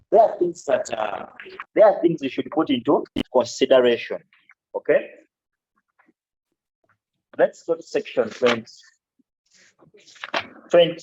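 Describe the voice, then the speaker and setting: A man's voice: on the high side, creaky, a little mellow, slight background noise. A man giving a law lecture to students, checking in often with "okay" and joking asides. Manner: explains slowly, with frequent "okay?" checks and asides. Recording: dull, lo-fi classroom recording.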